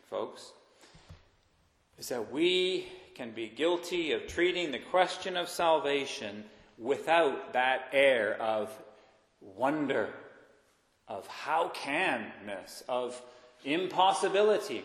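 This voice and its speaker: A man preaching in a fairly high voice, earnest and searching. He builds up to emphatic points and then falls back to a hushed tone. His words ring through a roomy hall with a long reverb. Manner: earnest, rises in emphasis then drops to quiet asides. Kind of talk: sermon.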